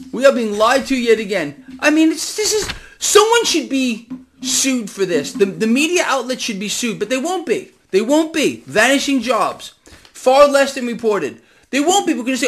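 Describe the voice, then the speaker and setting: A man delivering an impassioned monologue to his vlog audience, swinging between loud outbursts and hushed asides. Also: very high voice, very animated, unhurried. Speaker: financial commentary vlogger. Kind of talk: direct-to-camera ranting monologue.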